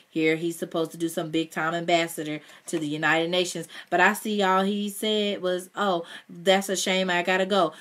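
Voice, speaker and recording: A woman's voice: deep voice, a bit bright. Woman reading as a weary blunt single mother.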